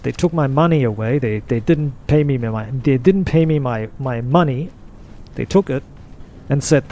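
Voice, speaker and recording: A man's voice: mid-range voice, normal speed, mellow, slight background noise. A man making a gaming video who goes on a frustrated, profane rant, repeating himself as he talks. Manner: frustrated, profane, repetitive ranting. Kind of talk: off-topic rant over gameplay.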